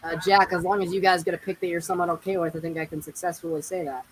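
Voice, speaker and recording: A man's voice: high voice, flat delivery, rapid-fire, poor audio. A man with a Southern US accent hosting a casual sports chat stream, upbeat, with announcer-style hype calls. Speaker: host.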